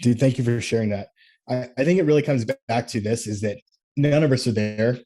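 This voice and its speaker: A man in the middle of his usual pitch, leading a men's group call. He talks in an earnest, animated way, with restarts and the odd quoted line thrown in. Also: a little fast. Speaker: coach and group leader. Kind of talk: coaching call talk.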